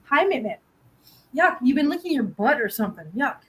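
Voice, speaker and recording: A woman chats casually on a live stream from home. Her voice sits a little high, and she laughs often and slips into a cooing tone for her cats. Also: sing-song, a little fast. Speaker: host.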